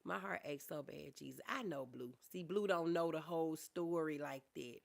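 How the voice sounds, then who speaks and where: A middle-aged woman on a casual livestream who reads viewer comments aloud, calls her viewers honey and y'all, and speaks openly and softly about grief. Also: low voice, normal speed, vocal fry. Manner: talks openly about grief, softening and trailing off.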